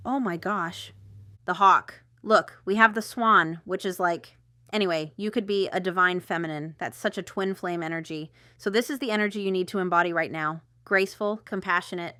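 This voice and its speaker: A woman's voice: mid-range voice, a little fast, sharp tone, dry recording, studio quality. A woman giving a casual tarot reading to camera, chatty and rambling, with asides and stifled laughter. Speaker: tarot reader.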